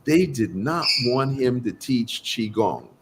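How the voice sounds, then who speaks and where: Male guest practitioner recounting his past, lively, unhurried, acts out quotes. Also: medium pitch, background noise. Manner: animated, acts out quoted dialogue. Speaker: guest doctor of Chinese medicine. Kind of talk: storytelling in an interview.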